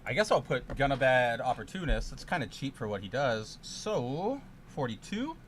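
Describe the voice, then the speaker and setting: A man streaming a card game, ranting and swearing, with sudden loud outbursts in casual chat. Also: mid-range voice, very animated, normal speed, a little hiss or hum.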